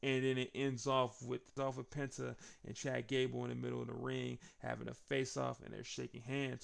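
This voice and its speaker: Animated gravelly man recapping wrestling. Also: mid-range voice. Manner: animated, laughs often, quotes wrestlers in excited voices. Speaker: wrestling show reviewer. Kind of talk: casual recap commentary.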